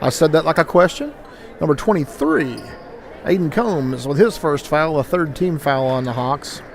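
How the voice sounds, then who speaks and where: A man doing brisk play-by-play commentary of a school basketball game, lifting with excitement on scoring plays. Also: on the high side. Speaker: play-by-play announcer. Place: school gym. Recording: crowd and gym noise behind.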